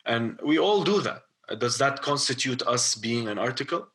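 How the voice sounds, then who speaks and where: A man's voice: mid-range voice, animated, moderate pace, fairly bright tone. A man hosting a podcast, asking thoughtful, probing questions in casual conversation. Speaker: podcast host.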